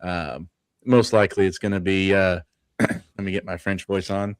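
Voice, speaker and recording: A man co-hosting a casual sports talk show, rattling off scores and records in a relaxed, chatty way. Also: low voice, clear, resonant tone, dry recording. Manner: runs through stats in quick lists, laughs often. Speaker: podcast co-host.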